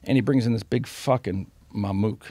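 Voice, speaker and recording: A man's voice: lowish voice, moderate pace, mellow, no echo. A man telling street stories as a podcast guest, blunt and full of profanity. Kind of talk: storytelling in a casual interview.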